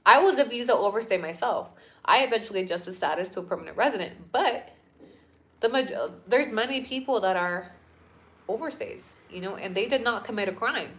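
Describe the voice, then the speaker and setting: A woman's voice: medium pitch, fairly quick. Young woman on a livestream, blunt, cusses a lot, gets worked up. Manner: blunt, swearing, animated ranting. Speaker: host of a livestream. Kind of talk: casual livestream chat.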